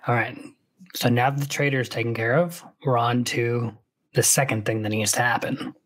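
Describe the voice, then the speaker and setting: A man's voice: medium pitch, fairly even intonation, normal speed, a bit bright, rough recording. Chatty man reading aloud with asides. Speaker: host reading a book aloud. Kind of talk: casual read-along with commentary.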